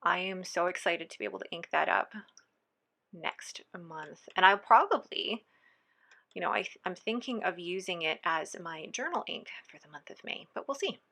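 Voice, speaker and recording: Woman, slightly low, chatty, enthusiastic, slips into near whispers, vlog at her desk. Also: lively intonation, moderate pace, creaky, sharp tone. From born in the Philippines. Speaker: stationery vlogger. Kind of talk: casual ink swatching chat.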